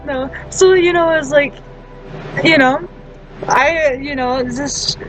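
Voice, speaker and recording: A woman with a high voice takes it slowly as she tells a story for her vlog, casual, blunt, and profane. Her delivery is loose and chatty, full of fillers, restarts, and laughter, against a noisy background.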